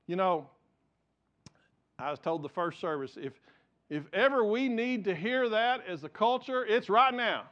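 Earnest male pastor in his forties, higher-pitched, sermon on a muffled lo-fi recording. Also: expressive, measured pace, fairly bright tone. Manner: earnest, repeats words while building points.

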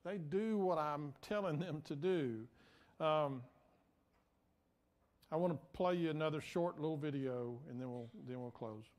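Guy preaching, casual storytelling sermon, kinda high voice, pokes fun at himself. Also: unhurried. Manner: conversational, self-deprecating, acts out quoted voices. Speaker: pastor.

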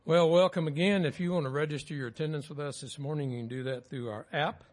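A man giving church announcements in a relaxed, folksy way. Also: a little high, fast. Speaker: pastor.

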